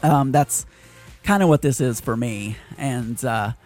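A man's voice: medium pitch, unhurried, darkish tone, soft background music. A man hosting a personal podcast, talking through his worries in a hesitant, self-deprecating ramble. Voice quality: hesitant, full of fillers and restarts. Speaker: podcast host.

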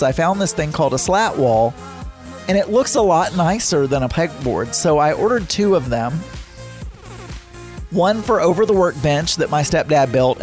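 A man's voice: a little high, darkish tone. Rambling man hosting a chat show. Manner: rambling, frequent restarts and self-corrections. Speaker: podcast host. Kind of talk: casual solo chat.

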